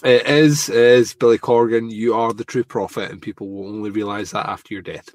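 A man's voice: lowish voice, steady tone, a little fast, no echo. A man co-hosting a podcast, joking wryly and often laughing as he talks about a TV episode. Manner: wry, jokey commentary, laughs often. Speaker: podcast co-host. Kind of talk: casual chat recapping a TV episode.

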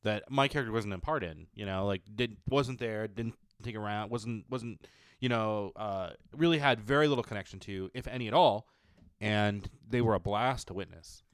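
Low-voiced man rambling with restarts. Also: normal speed, smooth, no room sound, clean studio sound. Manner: rambling, hesitant, many restarts. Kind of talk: casual roundtable chat.

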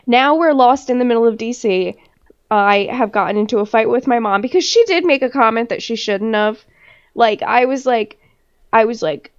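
Woman co-host, high voice, laughing profane storyteller, lo-fi sound. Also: normal speed, smooth. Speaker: podcast co-host. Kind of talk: casual chat. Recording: dull lo-fi recording.

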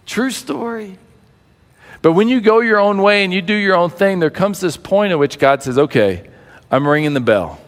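Animated preacher in a reverberant hall. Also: male voice, high-pitched, fairly quick. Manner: animated storyteller acting out quoted voices. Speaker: pastor. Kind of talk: sermon.

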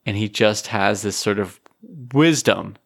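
A man from Canada co-hosting a podcast, easygoing and quick to laugh in casual chat. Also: lowish voice, gravelly. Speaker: podcast co-host.

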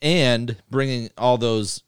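A man hosting a casual movie podcast, talking loosely with swearing and rattling through a list fast. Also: medium pitch, clear, resonant tone, no echo, studio quality. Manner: loose, profane, reads lists quickly. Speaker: podcast host.

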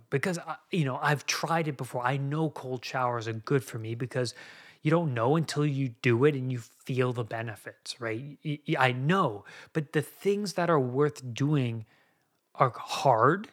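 A man's voice: mid-range voice, measured pace. A man in his thirties hosting a podcast, speaking in an earnest, confessional way about his own recovery. He often repeats and restarts phrases as he talks. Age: 30s. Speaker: podcast host. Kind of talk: personal recovery monologue.

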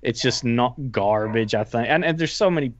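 A man's voice: medium pitch, moderate pace, slight background noise. A man co-hosting a podcast in casual chat, rambling and joking sardonically. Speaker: podcast co-host. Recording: dull, lo-fi.

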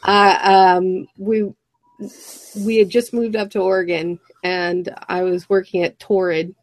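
A woman co-hosting a casual round-table podcast, chatting in a quick, storytelling way full of fillers. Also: on the low side, flat delivery, no room sound, rough recording. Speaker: podcast co-host.

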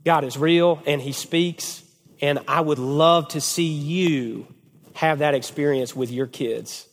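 A man's voice: on the high side, slow, big-room sound. A man who is a family pastor, preaching to a group of men, telling stories with energy and often checking in with "okay?". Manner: animated storytelling, repeated "okay?". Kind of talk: sermon to a men's group.

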